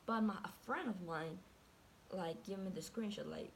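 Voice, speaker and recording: A woman's voice: mid-range voice, normal speed, slight background noise. A young woman telling a story casually, chatty and profane, with "like" in every sentence and quotes acted out. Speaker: vlogger.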